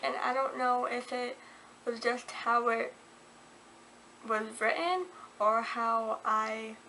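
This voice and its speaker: Bright, gushing woman book vlogger. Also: sits high, slight background noise. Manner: gushing, excitable. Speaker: book reviewer. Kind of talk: casual vlog book review.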